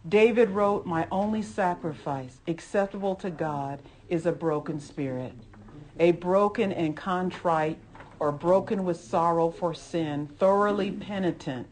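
Low-voiced earnest woman Bible teacher. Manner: earnest, emphatic, repeats phrases, many "you know" asides. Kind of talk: conversational Bible lesson sermon.

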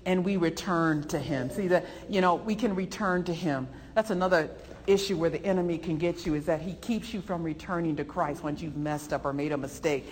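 A woman's voice: fairly low pitch, fairly quick, slight background noise. Woman preacher delivering an emphatic sermon, recorded with long reverb in a hall. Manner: animated, emphatic, voices rising with feeling. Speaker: preacher teaching a Bible lesson.

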